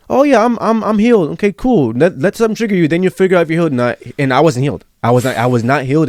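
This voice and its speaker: A man's voice: mid-range voice, a little mellow, no echo. Earnest young man telling a story, dry sound. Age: young adult. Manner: earnest, repeats himself, peppered with bro and yo. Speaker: podcast guest. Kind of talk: casual personal storytelling.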